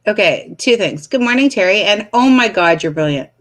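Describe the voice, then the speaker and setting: A woman co-hosting a casual coaching chat, enthusiastic and quick to laugh. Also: medium pitch, lively intonation. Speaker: co-host.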